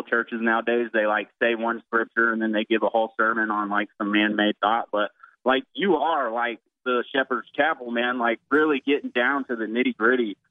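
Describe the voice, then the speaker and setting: A man's voice: mid-range voice, dry recording. A man from Georgia calling into a radio show, eager and hesitant, full of ums and uhs, over a phone line. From Georgia, USA. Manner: hesitant, filler-heavy, eager. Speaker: caller. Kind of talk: call-in radio chat.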